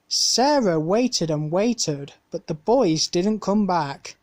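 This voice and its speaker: A woman's voice: lowish voice, lively intonation, slow pace, few pauses, darkish tone. A woman reading a children's picture book aloud, carefully and with small slips. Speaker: storybook reader.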